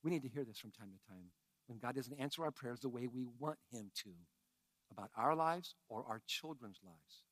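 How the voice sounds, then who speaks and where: A man preaching a sermon with emphatic swings from hushed tones to shouting and chatty asides to his congregation. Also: mid-range voice, animated, normal speed, no echo. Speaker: pastor.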